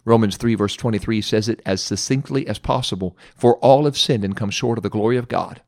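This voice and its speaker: A man's voice: on the low side, darkish tone, no echo. Earnest male preacher, dry close sound. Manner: earnest, emphatic, slows down for stress. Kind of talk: devotional sermon with study questions.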